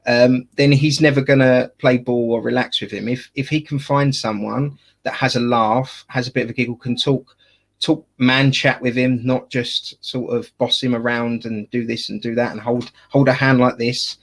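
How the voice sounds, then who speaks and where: Gravelly chatty Essex man. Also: medium pitch, steady tone, moderate pace. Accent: Essex English. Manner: chatty, jokey, lots of fillers and restarts. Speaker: wedding photographer and podcast co-host. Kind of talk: casual podcast chat.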